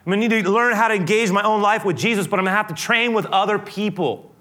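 A male pastor with a fairly high, bright, forceful voice delivers an earnest sermon. He presses hard on key words, then drops to a soft, hushed tone when he prays. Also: quick pace. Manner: earnest and emphatic, swinging between loud preaching and hushed prayer. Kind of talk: sermon with closing prayer.

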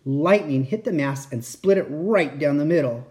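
A reader narrating a children's picture book aloud, expressive and acting out the sound effects. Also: mid-range voice, normal speed, few pauses. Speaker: storybook reader.

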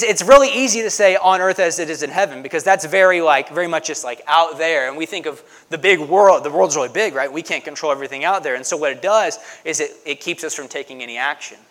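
A man preaching a sermon in a conversational way, often asking "right?" and swelling louder to stress a point. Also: on the high side. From United States. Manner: conversational preaching, frequent "right?" asides, swells loud for emphasis. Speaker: pastor.

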